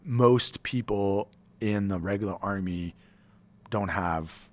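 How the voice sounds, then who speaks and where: A man's voice: lowish voice, takes it slowly. A man in his forties, an army veteran guest telling his story in a blunt, profane, rambling way. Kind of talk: casual interview storytelling.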